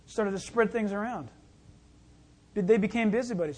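A male pastor delivering a sermon in a folksy, conversational manner. His voice sits high and sounds somewhat husky. He slips easily into little acted asides. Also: brisk, a little mellow.

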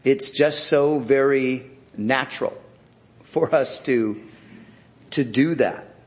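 A man preaching a sermon, speaking in a deliberate, reflective way with frequent restarts. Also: medium pitch.

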